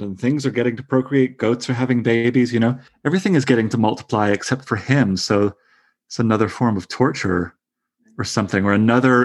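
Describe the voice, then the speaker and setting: A man's voice: medium pitch, a little mellow. A man in his thirties leading a casual literary discussion, enthusiastic and stumbling over restarts. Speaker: discussion leader.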